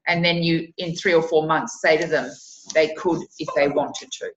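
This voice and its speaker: A woman's voice: low-pitched, fairly even intonation, moderate pace, roomy sound, muffled recording, background noise. A woman with an Australian accent chatting on a video call, explaining at length and with emphasis. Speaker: business team member on a video call. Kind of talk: casual video-call chat.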